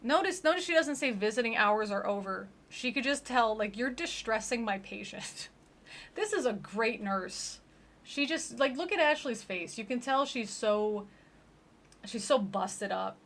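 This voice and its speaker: A woman's voice: on the high side, expressive, unhurried, a bit bright. A woman giving sarcastic, incredulous comedic commentary on a gospel tract.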